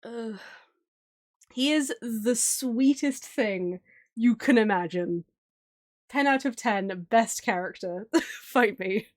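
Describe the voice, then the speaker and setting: A woman's voice: a little high, takes it slowly, long pauses. Giggly, gushing woman streamer. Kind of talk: casual stream chat. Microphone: streaming mic.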